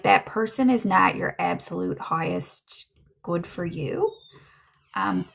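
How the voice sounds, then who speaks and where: A woman doing a casual livestream tarot reading, chatting to viewers and dropping into soft muttered asides. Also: mid-range voice, gravelly, a little hiss or hum. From Newfoundland, Canada. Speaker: tarot reader and medium.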